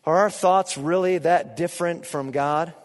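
High-voiced man preaching with shouts. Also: measured pace. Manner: animated preacher, bursts into shouts. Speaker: pastor. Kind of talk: sermon. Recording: long hall reverb.

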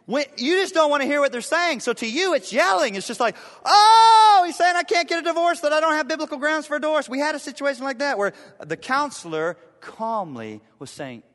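Man, pastor, sermon, high voice, lively pitch, acts out quoted voices, long hall reverb. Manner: animated, acts out quoted people in shifting voices. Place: church sanctuary.

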